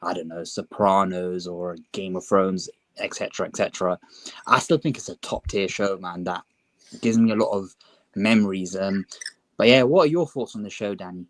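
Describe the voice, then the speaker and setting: A young man, chatting casually as a podcast co-host, relaxed and full of fillers. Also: sits low, normal speed, rough recording. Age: young adult. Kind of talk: casual chat.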